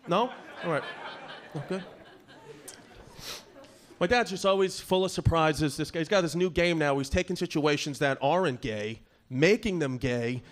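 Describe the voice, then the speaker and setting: Exasperated New York comic, high voice. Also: male voice. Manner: quick, incredulous, exasperated. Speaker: stand-up comedian. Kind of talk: stand-up comedy. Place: comedy club stage before a live audience. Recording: live club with crowd and noise.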